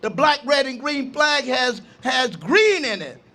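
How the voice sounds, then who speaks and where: High, bright-voiced older man preaching. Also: very animated, unhurried. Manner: preacherly, rising to shouts, repeats refrains. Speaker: imam speaking at a ceremony. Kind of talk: impassioned outdoor speech. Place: outdoor park gathering.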